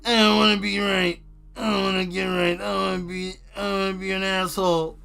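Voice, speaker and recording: A man voicing a sulky grown man who whines and breaks into shouting, with a voice pitched well above his own. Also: little pitch movement, a little fast, gravelly, faint music behind, heavily acted. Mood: whiny. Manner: whiny, sulking, breaks into shouting.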